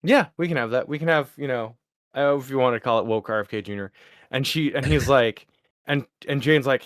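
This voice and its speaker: A man co-hosts a comedy podcast in a loose, rambling manner that is full of laughter. His voice sits at an ordinary male pitch. The recording is close and dry. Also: fairly quick, no room sound. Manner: animated rambling storyteller, laughs a lot. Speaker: podcast co-host. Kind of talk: casual comedy chat.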